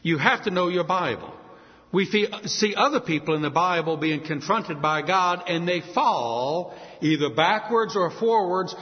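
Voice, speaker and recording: A man preaching a sermon with emphasis, asking rhetorical questions and swinging between loud and soft. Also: high voice, unhurried. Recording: dull, echoey hall sound.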